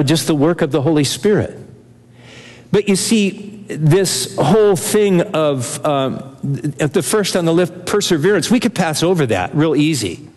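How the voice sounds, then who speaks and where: A man's voice: fairly high pitch, a little mellow, in a large hall. An older man preaching a sermon to his congregation, earnest and emphatic, often repeating key phrases for weight. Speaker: pastor.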